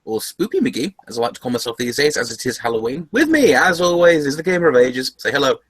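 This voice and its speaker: Giggly podcast host, dry sound. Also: male voice, mid-range voice, sing-song, fast, a bit bright, no echo, rough recording. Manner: giggly, stumbling restarts. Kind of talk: casual chat.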